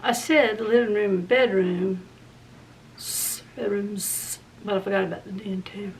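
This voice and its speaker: Chatty woman with gravelly voice. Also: mid-range voice, steady tone, measured pace, slight background noise. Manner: chatty, rambling, talks to viewers directly. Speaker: vlogger. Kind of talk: casual home vlog chat. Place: home, indoors.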